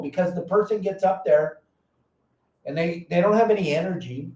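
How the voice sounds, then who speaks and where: Energetic, blunt man. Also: sits high, normal speed, echoey room, far from the mic, poor audio. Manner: loud, energetic, blunt storyteller. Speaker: fishing show host. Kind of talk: casual podcast chat.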